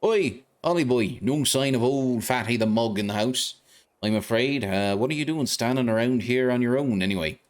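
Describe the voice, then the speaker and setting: A man's voice: medium pitch, moderate pace, slight background noise, lightly acted. A man voicing a cheeky, bossy male fairy sidekick creature in a video game, with brash, slangy, teasing talk. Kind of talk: reading game dialogue aloud.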